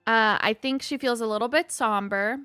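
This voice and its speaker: A woman's voice: on the high side, moderate pace, sharp tone, smooth, dry recording, clean studio sound, soft background music. A woman player in a tabletop game stream, chatting casually and joking at her own expense. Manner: jokey, self-deprecating. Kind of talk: casual chat between players.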